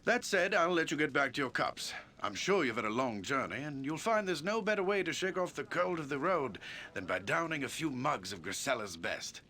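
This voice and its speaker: An actor playing a formal, protective town leader in a game, speaking with commanding, measured words. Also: male voice, a little high, animated, pushed and bright, slight background noise. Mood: stern. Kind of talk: game voice acting.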